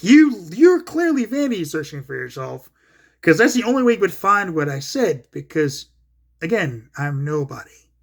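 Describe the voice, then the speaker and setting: A man's voice: sits high, fairly bright tone. A man hosting his own commentary video, retelling an online argument in a blunt, profane, casual rant full of quoted back-and-forth. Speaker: solo commentary host.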